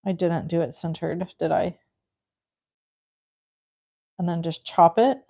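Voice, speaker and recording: A woman's voice: lowish voice, takes it slowly. A middle-aged woman hosting a craft livestream, chatting casually and telling a story as she works. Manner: chatty storyteller, animated and self-mocking. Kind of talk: casual chat while crafting.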